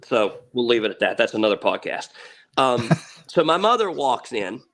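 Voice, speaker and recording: An earnest man in his late thirties talks through a story as a podcast guest. He rambles a little, doubles back on his words and drops the odd curse without fuss. His voice sits at an ordinary pitch for a man. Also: sing-song, normal speed, fairly bright tone. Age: 30s. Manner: earnest, repeats words, swears casually. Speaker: podcast guest, ATV racer. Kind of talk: casual storytelling.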